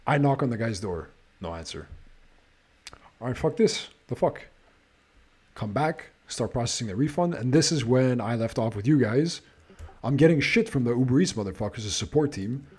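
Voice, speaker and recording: A man's voice: mid-range voice, lively intonation, normal speed, a little mellow, husky. A man hosting a podcast, telling a casual story, swearing nonstop and sounding exasperated as he restarts his sentences. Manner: profane, swears constantly. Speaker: podcast host.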